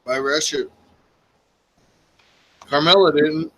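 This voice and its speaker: Chill guy cohosting, swears a lot, laughs, slightly high bright voice. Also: slow, a little hiss or hum, low-quality recording. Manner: laid-back, laughing, profane. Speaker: co-host. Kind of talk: casual banter on a livestream show.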